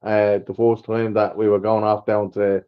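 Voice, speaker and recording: An Irish man talks bluntly in casual chat and swears as he retells arguments. His voice sits on the low side. The recording sounds dull and lo-fi. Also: flat delivery, moderate pace, smooth.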